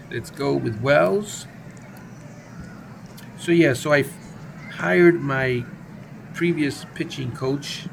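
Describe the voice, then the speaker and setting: Gravelly man calling a simulated ballgame. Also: mid-range voice, slow pace, pauses often, a little hiss or hum. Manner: playful, jokey, chatty commentary. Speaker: gaming channel host. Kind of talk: casual play-by-play of a baseball simulation game.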